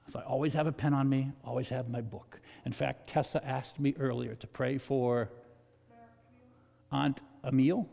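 Chatty pastor preaching in a reverberant hall. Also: male voice, gravelly. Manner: conversational preaching, swells loud and high for emphasis. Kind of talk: sermon. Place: church sanctuary. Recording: long reverb of a church hall.

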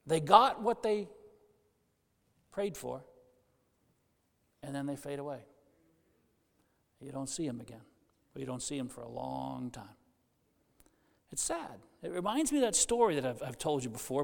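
Older man, pastor, sermon, high voice, gravelly, long church echo. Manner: animated, joking storyteller. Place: church sanctuary.

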